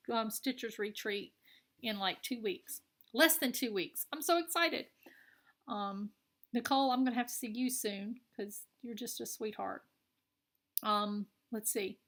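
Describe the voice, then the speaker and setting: Woman, Southern American accent, chatty show-and-tell vlogger, middle pitch, upbeat. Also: a bit bright. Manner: chatty, enthusiastic, with fillers. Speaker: cross-stitch vlogger. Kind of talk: casual show-and-tell chat.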